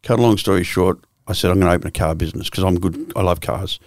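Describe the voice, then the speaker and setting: In a candid storytelling interview, a guest in his sixties with an Australian accent recounts his life bluntly and profanely, restarting often. His voice sits low and a little mellow, moving at a quick pace, with studio-quality sound and no room echo.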